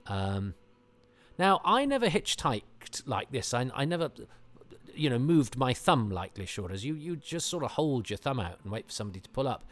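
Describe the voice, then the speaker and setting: A man hosting a podcast, giving rambling, self-deprecating commentary with animated asides. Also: medium pitch, normal speed. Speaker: podcast host. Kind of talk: casual commentary.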